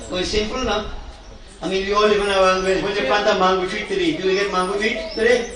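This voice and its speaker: A man's voice: high voice, flat delivery, fast talker, fairly bright tone. A man giving a conversational funeral sermon as a Hindu priest, asking the crowd questions as he preaches. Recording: echoey distant livestream sound.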